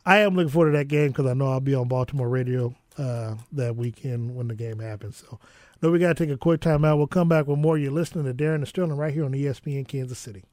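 A man's voice: medium pitch, fast talker, darkish tone. A man co-hosting a sports talk radio show in a studio, talking in a laid-back, rambling way with many fillers.

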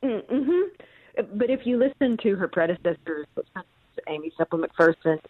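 A woman's voice: mid-range voice, animated, unhurried, slightly rough. A woman author explaining history as a guest, telling stories with frequent ums. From central Missouri. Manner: thoughtful storyteller with frequent ums. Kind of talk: phone interview. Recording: tinny phone line.

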